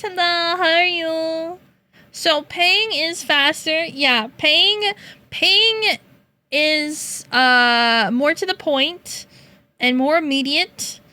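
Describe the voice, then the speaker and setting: A young woman streaming, chatting playfully with her viewers, teasing and laughing often and breaking into high meows. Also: sharp tone. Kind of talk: casual chat with chat.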